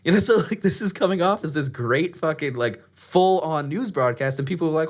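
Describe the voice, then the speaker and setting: A man's voice: on the high side, lively intonation, fairly quick, hardly any pauses. A man co-hosting a podcast, telling a story in casual chat, swearing freely and acting out quotes in funny voices. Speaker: podcast co-host.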